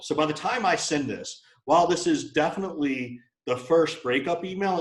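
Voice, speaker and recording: A man's voice: medium pitch, echoey room, low-quality recording. A man giving a live sales training, talking bluntly and casually with plenty of fillers. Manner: blunt and conversational, with many fillers. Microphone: video call.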